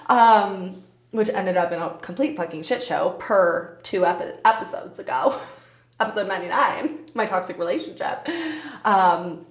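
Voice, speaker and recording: A woman's voice: fairly low pitch, moderate pace. Candid laughing woman podcaster, echoey room. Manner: candid, laughs often, swears freely. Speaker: podcast host. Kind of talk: casual solo podcast chat.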